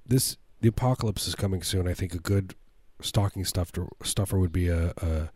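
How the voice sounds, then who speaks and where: A man co-hosting a comedy podcast in casual banter, rambling and stammering, cracking deadpan jokes. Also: low-pitched, normal speed, husky, dry recording, studio quality. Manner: rambling, stammering, jokey, slips into silly voices. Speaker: podcast co-host.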